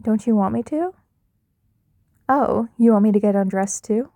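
A young adult woman performing an intimate audio role-play in a teasing, dominant, soft-spoken way with whispered asides. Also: medium pitch, moderate pace, dry recording.

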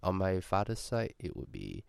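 A man's voice: low voice, very animated, normal speed, creaky, clear, resonant tone, no echo. A man speaking in a put-on Singaporean English accent, chatting casually through a list of prompts in a playful, profane way with joking asides. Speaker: vlogger doing an accent tag. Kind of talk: casual chat reading prompts.

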